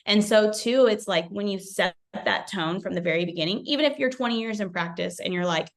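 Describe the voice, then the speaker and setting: A woman guesting on a podcast, chatting in a bubbly, animated way with lots of fillers. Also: medium pitch, a little fast. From United States. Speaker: chiropractor guest. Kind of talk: casual podcast chat.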